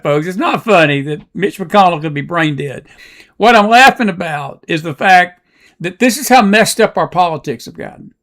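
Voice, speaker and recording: A man's voice: high-pitched, animated, moderate pace, a bit bright. A man hosting a political talk show, giving impassioned, repetitive commentary in front of a live audience.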